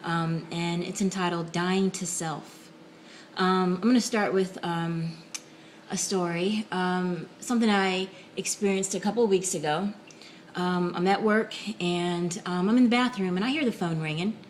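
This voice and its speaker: A woman talking softly and casually to camera in a home video blog, with frequent ums and pauses. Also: fairly low pitch, fairly even intonation, slight background noise, poor audio. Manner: soft-spoken, many ums and pauses. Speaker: vlogger. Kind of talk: casual reflective talk to camera.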